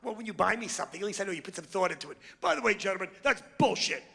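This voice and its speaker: A man's voice: sits high, very fast, creaky, bright, forceful tone, breathy edge. A brash, crude male stand-up comedian doing a routine with crowd work on a comedy club stage. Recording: long hall reverb.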